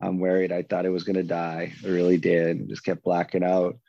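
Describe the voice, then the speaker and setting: A man candidly recounting his own story, animated and acting out the lines of the people in it. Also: sits low, a little fast, gravelly, no room sound, lo-fi sound. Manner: animated, acts out other people's lines in a raised voice. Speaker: guest telling his recovery story.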